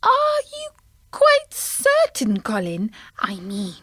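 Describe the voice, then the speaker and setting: A woman's voice: a little high, huge pitch swings, takes it slowly, sharp tone, breathy edge, no echo, clean studio sound, full character voice. A woman voicing a prim, anxious mother frog who asks fluttering, doubtful questions in a children's story.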